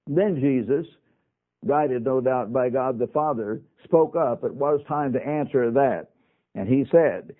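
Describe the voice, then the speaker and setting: A man's voice: mid-range voice, measured pace, phone-quality sound. Emphatic male radio preacher, phone-thin sound. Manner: emphatic, with folksy asides to listeners. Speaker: radio Bible teacher. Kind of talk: broadcast sermon on scripture.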